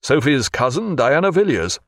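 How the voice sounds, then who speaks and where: A man voicing a composed, wry naval captain with crisp, dryly facetious speech, in an audiobook. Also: mid-range voice, sing-song, normal speed, fairly bright tone, no room sound, studio quality. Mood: courteous.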